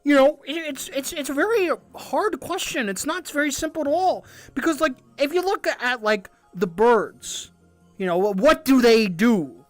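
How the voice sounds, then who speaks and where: A woman doing a mocking impression of a pompous male lecturer, with a croaky puppet-like voice and rambling, self-important speech. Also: high voice, lively intonation, normal speed, no echo, soft background music, voice pushed up.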